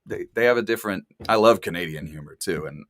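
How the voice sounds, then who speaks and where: A man's voice: low-pitched, fast talker, no room sound. A man from Texas hosting a casual talk show, chatty and rambling, with dry sarcastic humor. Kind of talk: casual chat.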